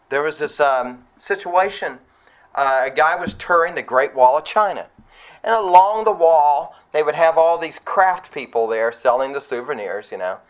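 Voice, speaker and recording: A man's voice: animated, moderate pace. Man preaching a conversational sermon. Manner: conversational preaching with asides to the congregation; acts out quoted speech with sharp rises in pitch. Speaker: pastor.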